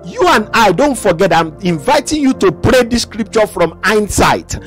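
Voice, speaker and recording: A man preaching in a sing-song, impassioned style and leading shouted prayer chants. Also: high-pitched, lively intonation, moderate pace, soft background music.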